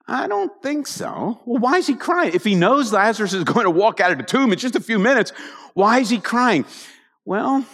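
Lively preacher in a reverberant hall. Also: male voice, high-pitched. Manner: animated storytelling with asides to the congregation. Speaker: pastor. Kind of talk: conversational sermon.

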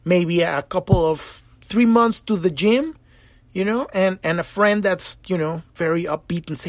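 A man hosts his podcast in a loose, animated spiritual monologue, swearing freely and acting out quoted voices. His voice sits somewhat high for a man. The recording is dry and close, with no room sound. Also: normal speed, dry recording. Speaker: podcast host.

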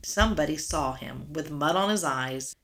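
A woman's voice: deep voice, normal speed, fairly bright tone. A woman giving a devotional Bible teaching as a guest, earnest and full of rhetorical questions. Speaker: guest speaker.

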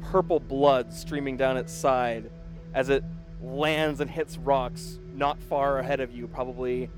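A man's voice: medium pitch, fairly even intonation, unhurried. A man running a tabletop game as game master, narrating scenes in vivid detail. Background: background music.

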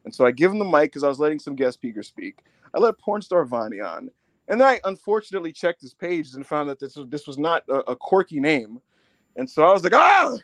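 Animated high-voiced male podcast host. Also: no room sound. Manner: animated, quotes people in quick bursts. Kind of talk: excited storytelling recap.

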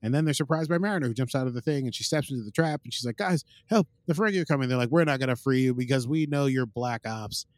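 A man's voice: mid-range voice, fast, few pauses, no echo, clean studio sound. A man hosting a podcast, casually recapping an episode in a rambling way, full of uh and like, and quoting the characters as he goes. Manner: rambling, fills gaps with uh and like, quotes characters. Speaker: podcast host.

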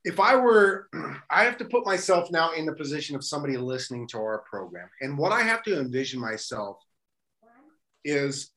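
A man's voice: medium pitch, fairly bright tone. A man co-hosting a radio show, chatting casually with rambling, self-deprecating humor. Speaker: radio co-host. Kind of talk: casual banter.

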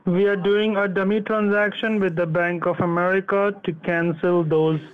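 A man's voice: sits high, little pitch movement, moderate pace, smooth. A man working as a phone scammer, persistently repeating scripted instructions. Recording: tinny phone line.

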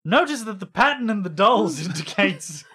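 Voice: mid-range voice, big pitch swings, moderate pace, sharp tone, breathy edge. A tabletop game player talking in a theatrical, joking way. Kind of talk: casual game play.

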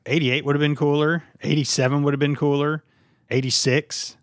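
A man's voice: on the high side, level tone, normal speed, no room sound, studio quality. A man hosting a podcast in casual chat, joking and playful, acting out silly scenes. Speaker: podcast host.

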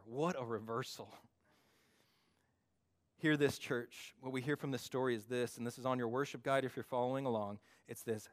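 A man preaching a sermon to his church, acting out the voices he quotes with big swings in pitch and loudness. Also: steady tone, moderate pace. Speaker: pastor.

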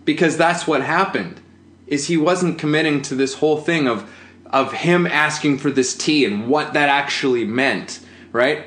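A man's voice: mid-range voice, fairly bright tone. A man who acts, chatting casually and telling a theater story, rambling with lots of fillers and restarts. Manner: rambling, many fillers and restarts, laughs often. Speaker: actor. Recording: roomy echo.

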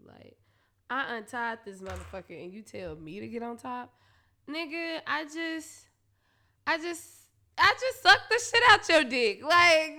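A woman's voice: a little high, measured pace. A woman, candidly telling a profane story to her listeners, often laughing. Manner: profane, laughing, animated retelling.

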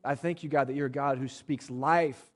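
A man's voice: medium pitch, steady tone, moderate pace. A male pastor preaching to his congregation, blunt and joking, and acting out what spouses say to each other. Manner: blunt, joking asides, acts out spouses' lines. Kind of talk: sermon.

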